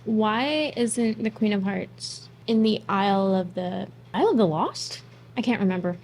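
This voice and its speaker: A woman's voice: medium pitch, animated, a little slow, a little mellow. A woman hosting a casual movie reaction, blunt and snarky, swearing freely.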